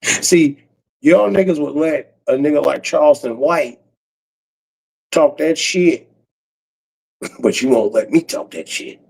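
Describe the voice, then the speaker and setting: A man in his forties doing a profane comedic rant on a livestream, breaking into cackles and swinging from loud outbursts to low mutters. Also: slow pace, vocal fry, long pauses, slightly rough, poor audio. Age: 40s.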